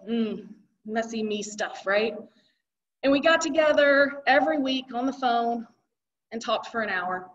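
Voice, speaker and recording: A keynote speaker, a woman with a voice on the high side, gives a conversational motivational talk to a live audience in an event hall, using rhetorical questions and emphatic delivery. She sounds far from the mic, and the recording is dull and lo-fi.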